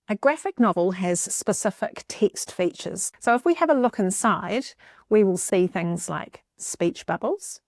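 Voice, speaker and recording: A middle-aged woman teacher, giving a clear, expressive classroom lesson and stressing key words for young readers. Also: medium pitch, no room sound, studio quality.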